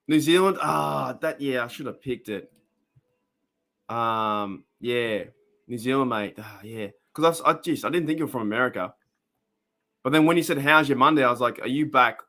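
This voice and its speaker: Man, Australian accent, young adult, casual, rambling, mid-pitched voice. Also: pushed and bright. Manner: chatty, rambling, reads out chat comments. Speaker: live stream host. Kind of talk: casual live reaction chat.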